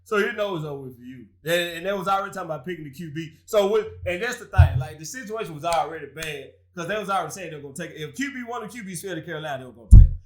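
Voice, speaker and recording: A man's voice: fairly high pitch, lively intonation, racing, hardly any pauses, darkish tone, slight background noise. A man hosting a casual sports talk show, trash-talking rival fans with frequent laughter.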